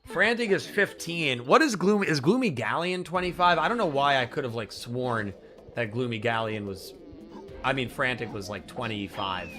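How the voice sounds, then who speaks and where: A man streaming a video game live, chatting casually and reacting out loud, his voice going hoarse. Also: mid-range voice, normal speed. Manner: chatty, excitable, reacts aloud and thanks viewers. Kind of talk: casual live gameplay commentary. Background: game music.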